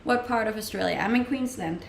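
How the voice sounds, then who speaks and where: A young woman from Denmark casually answers viewer questions on her home live stream, laughing often and speaking with a Danish accent. Her medium-pitched voice is creaky and a little fast. There's slight background noise on the roomy home-mic recording.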